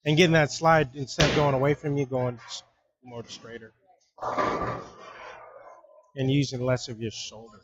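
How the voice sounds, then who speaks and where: A man coaching a student in a relaxed, encouraging way, often trailing off mid-sentence. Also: mid-range voice, moderate pace, pauses often, noisy background. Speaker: bowling coach. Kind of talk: casual coaching talk.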